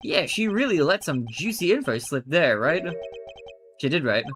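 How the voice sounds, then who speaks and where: A male streamer chatting casually during a live stream. He is self-mocking, and his pitch moves a lot as he talks. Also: big pitch swings, normal speed, a bit bright, faint music behind.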